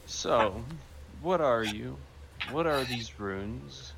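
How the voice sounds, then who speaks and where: A man's voice: mid-range voice, lively intonation, extremely slow, creaky, background noise. A man playing a tabletop game, speaking bluntly and acting threatening in character. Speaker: player.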